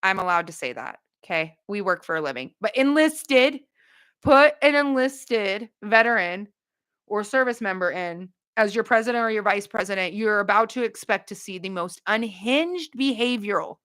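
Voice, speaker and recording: A woman hosting a casual livestream, chatting bluntly with viewers, with quick asides and no filter. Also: medium pitch, animated, fairly bright tone. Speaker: livestream host.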